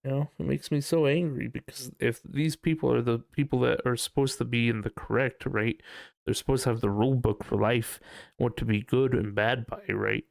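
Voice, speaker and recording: A man's voice: medium pitch, fairly even intonation, normal speed, vocal fry, a little mellow, no room sound, clean studio sound. A young man hosting a casual podcast, ranting profanely with a lot of laughter. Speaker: podcast host.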